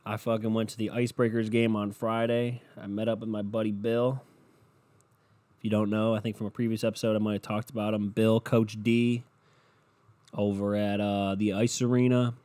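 Profane, rambling young man, low and mellow. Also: flat delivery, normal speed. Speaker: podcast host. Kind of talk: casual solo monologue. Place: at home in bed with his dog. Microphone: home podcast mic.

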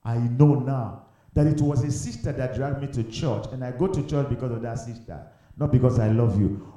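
A man's voice: mid-range voice, mellow. A man preaching a fervent sermon, urging listeners with repeated phrases and leading them in prayer. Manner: fervent, repetitive exhortation, breaks into slow song. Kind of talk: sermon with sung worship and altar call. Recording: very echoey room.

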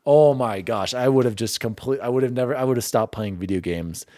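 A young man hosting a casual gaming podcast, openly sentimental and quick to laugh at himself. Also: medium pitch, mellow, dry recording, clean studio sound. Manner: emotional, self-deprecating, quick to laugh. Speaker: podcast host.

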